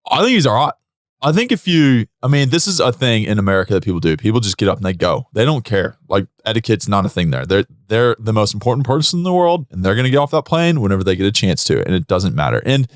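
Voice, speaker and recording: Blunt joking man with a lively voice. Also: mid-range voice, dry recording, studio quality. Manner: blunt, jokey opinions. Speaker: co-host. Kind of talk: casual chat.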